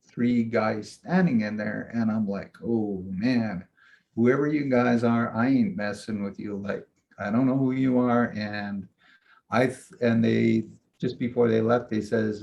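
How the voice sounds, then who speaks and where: A man, a shaman and mentor, casually telling a long personal story in a rambling, animated way, often acting out what he said. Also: medium pitch, gravelly, highs cut off. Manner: rambling, animated retelling with frequent "I'm like".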